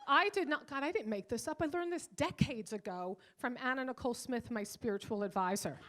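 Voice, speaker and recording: An older woman doing a bawdy stand-up comedy set, brash and teasing, swinging between loud outbursts and quiet asides. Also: on the high side, fairly quick. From Irish. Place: comedy club stage.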